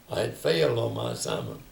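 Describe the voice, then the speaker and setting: An older man tells his stories reflectively, giving voice to the people in them. His low voice is heavily gravelly and moves widely in pitch. It was recorded in a reverberant room with a faint hiss behind it. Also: far from the mic. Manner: reflective storytelling, quoting others. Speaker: interviewee. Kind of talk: oral history interview. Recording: echoey room, faint background noise.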